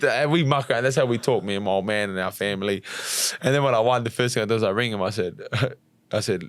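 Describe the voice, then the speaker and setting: A young Australian man, a fighter and podcast guest, chatting bluntly with lots of swearing and animated storytelling. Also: on the low side, fast, no room sound, studio quality. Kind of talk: casual chat.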